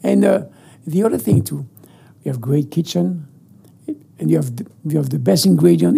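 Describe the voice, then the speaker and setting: Gravelly older man with a French accent. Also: fairly high pitch, normal speed. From France. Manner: animated, enthusiastic, repeats words, broken English. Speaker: guest chef. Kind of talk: casual interview.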